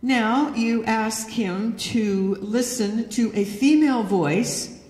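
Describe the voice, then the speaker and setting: A woman's voice: a little high, slow pace, a little mellow. A woman giving an educational talk to an audience, telling anecdotes and acting out the quoted dialogue. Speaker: lecturer. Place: church hall. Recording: echoey hall with long reverb.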